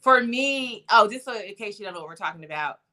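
A woman co-hosting a casual chat podcast, relaxed and talkative with lots of fillers. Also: mid-range voice, fast talker. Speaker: podcast co-host.

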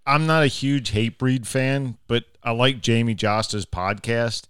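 Smooth-voiced casual metal podcast host. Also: male voice, medium pitch, fairly even intonation, unhurried, a bit bright, no room sound, clean studio sound. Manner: loose, profane, filler-heavy talk. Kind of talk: casual chat.

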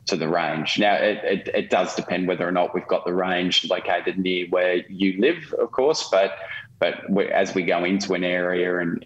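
A man's voice: deep voice, lo-fi sound. A man explaining his car-share business in a rambling way, full of fillers and restarts. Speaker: car-share company representative. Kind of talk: casual interview talk. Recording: roomy echo.

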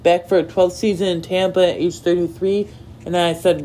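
A man's voice: high-pitched, level tone, fairly quick, dark tone. A man giving a casual, opinionated solo recap of sports news, reading posts aloud and reacting with rambling asides. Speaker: sports commentator.

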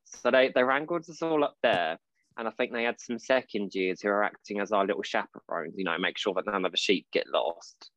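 A man from Portsmouth, chatting casually as a podcast co-host, telling lively stories and acting out voices. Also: fairly low pitch, fairly quick, no echo, muffled recording. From Portsmouth, England. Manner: chatty storyteller, calls his partner babe, acts out voices in quotes. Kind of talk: casual chat.

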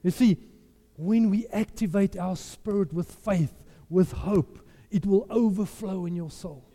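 Impassioned preacher, echoing hall. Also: male voice, high-pitched, unhurried, warm tone. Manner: impassioned, emphatic, repeats phrases. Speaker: pastor. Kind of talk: sermon. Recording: long hall reverb.

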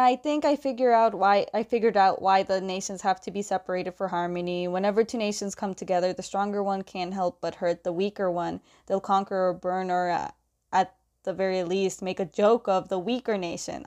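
A woman casually retelling the scenes of a comic, quoting the characters' lines with fillers and quick self-corrections. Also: mid-range voice, a little mellow. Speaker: comic recap host. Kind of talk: casual story recap.

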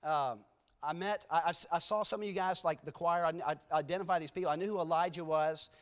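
Speaking fast in a slightly high, steady voice, a guest preacher in a church sanctuary warms up with rambling, self-deprecating tales. He keeps restarting before getting to the sermon itself.

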